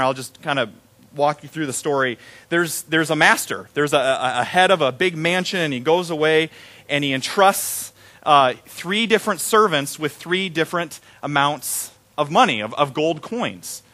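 A pastor giving a sermon, telling stories in a conversational, animated way. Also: male voice, on the high side, normal speed.

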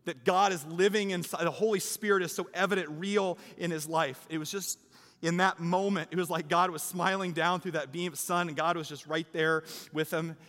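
A man's voice: a little high, fairly even intonation, normal speed, a bit bright. A man preaching a sermon, telling a story in a conversational way and building to an exhortation to his congregation. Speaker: pastor. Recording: reverberant hall with faint music.

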